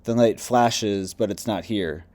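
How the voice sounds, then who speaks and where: A man reading the quoted words of a woman patient's spirit, wandering and confused, quiet and halting. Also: fairly low pitch, close to an everyday voice. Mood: lost.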